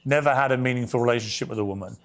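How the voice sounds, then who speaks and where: A man's voice: medium pitch, rapid-fire. A man interviewing a guest, pressing him with pointed, confrontational questions.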